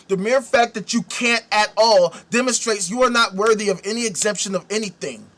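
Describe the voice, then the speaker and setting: Angry ranting man with a bright high voice. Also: brisk. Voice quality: profane, combative. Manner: angry ranting, shouts at times. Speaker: host. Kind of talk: ranting commentary.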